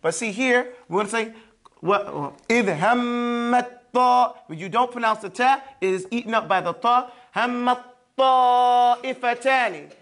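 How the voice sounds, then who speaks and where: A man teaching Quran recitation in a classroom lesson, patiently repeating sounds slowly and checking in with his listeners often. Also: high-pitched, pushed and bright.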